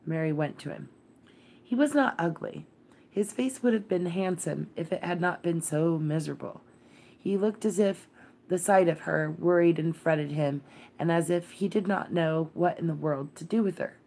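A woman narrating a classic novel as a gentle, measured bedtime read-aloud. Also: lowish voice, gravelly. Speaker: storyteller.

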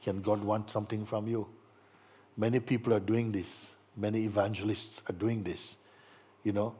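A man giving a gentle spiritual talk to an audience, playful and teasing, acting out little voices and laughing as he speaks. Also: on the low side, normal speed, breathy edge. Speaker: spiritual teacher.

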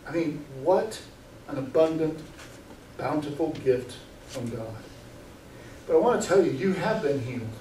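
A man's voice: a little high, animated, a little slow, pauses often, mellow, a little hiss or hum. A man preaching a sermon as pastor, earnest and full of rhetorical questions, often repeating words as he goes. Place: church sanctuary. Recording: echoey room, mic far off.

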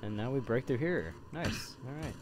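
A man's voice: medium pitch, animated, moderate pace, very noisy. A young man commentating a horror game, jumpy and swearing when scared. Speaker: gameplay commentator.

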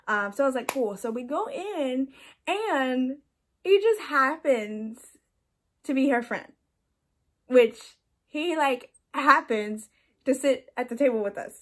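A woman's voice: sits high, moderate pace, fairly bright tone. A young woman telling a story on her vlog in a chatty, casual way, laughing often and saying "like" a lot. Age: young adult. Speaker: vlogger.

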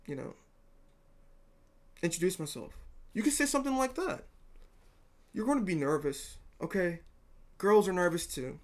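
A man's voice: a little high, a bit bright. A young man giving dating advice to viewers in a rambling, earnest way, swearing freely. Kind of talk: casual talk to camera.

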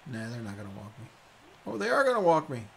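A man's voice: medium pitch, huge pitch swings, fast talker, creaky. A man casually commenting on his own baseball video game play, reacting aloud as it unfolds. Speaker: gaming video creator. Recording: voice over loud stadium crowd.

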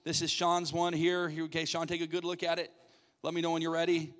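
Upbeat pastor in a reverberant church. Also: male voice, fairly high pitch, monotone, fairly bright tone. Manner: jokey, coaxing, quick asides. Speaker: pastor hosting a game. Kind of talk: playful audience hosting from the stage. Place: church sanctuary.

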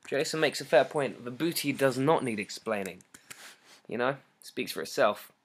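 A teenage boy with a British accent hosts a casual livestream for his fans. He reads their comments aloud in an excitable, rambling, jokey way, over a laptop mic. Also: mid-range voice, moderate pace, slight background noise. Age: teens. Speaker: singer hosting a fan livestream. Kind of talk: casual livestream chat reading fan comments.

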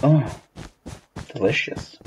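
A man's voice: takes it slowly, background noise. A man streaming a building game with a friend, chatting casually, joking and laughing often. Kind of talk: casual chat while gaming.

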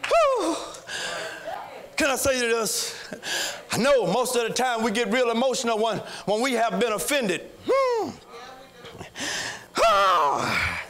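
Male pastor, high bright voice, sing-song whooping sermon delivery. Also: wildly swooping pitch, slow, long pauses. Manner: chanting, sing-song preaching that rises into shouts.

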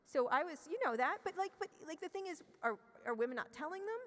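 A middle-aged woman telling a candid personal story as an interview guest on a conference stage, blunt and profane, restarting her sentences as she rushes ahead. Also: a little high, fairly bright tone. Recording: long hall reverb.

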